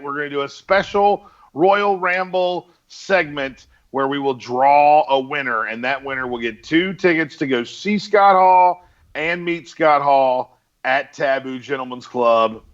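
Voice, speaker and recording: A man's voice: fairly high pitch, lively intonation, unhurried, fairly bright tone, dull audio. A man co-hosting a casual wrestling podcast, talking in an upbeat, promotional way and laughing often. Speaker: podcast co-host.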